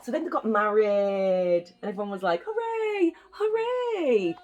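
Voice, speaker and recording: A woman's voice: medium pitch, fairly quick, muffled recording. A young woman from the UK reading a children's bedtime story aloud, with chatty, playful asides to the listening children. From United Kingdom.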